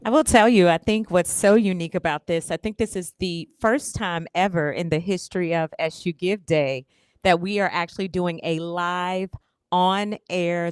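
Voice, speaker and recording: A woman's voice: on the low side, clean tone, no room sound. A woman vice chancellor speaking on a live panel broadcast in an upbeat, polished way.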